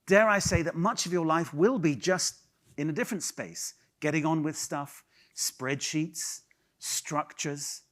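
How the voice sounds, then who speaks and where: A man's voice: fairly high pitch, unhurried. A man from England leading an improv workshop for a live audience, teasing and bantering with volunteers in a playful manner. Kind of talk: lively workshop talk. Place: conference hall with a live audience.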